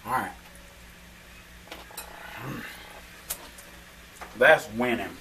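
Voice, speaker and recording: Southern guy talkin slow n folksy in his cooking vlog, outdoors. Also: mid-range voice, bright, forceful tone, slight background noise, poor audio. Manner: folksy, drawling, talks to camera. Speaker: cooking vlogger.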